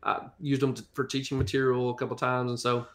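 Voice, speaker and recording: A male pastor speaking as a guest in a relaxed conversation, with an easygoing, self-deprecating manner. His voice carries a strong gravelly fry at a middle pitch. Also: quick pace. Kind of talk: casual chat.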